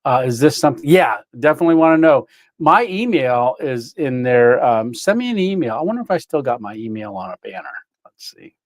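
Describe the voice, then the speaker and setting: A man's voice: medium pitch, expressive, a little fast, dry recording. A man hosting a casual livestream, rambling through a story with lots of fillers and chuckles while greeting viewers. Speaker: livestream host.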